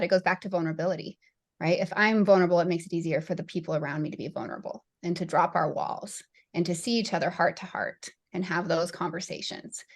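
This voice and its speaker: Low-voiced reflective woman guest. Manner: reflective, heavy use of fillers. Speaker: podcast guest. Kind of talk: casual conversation.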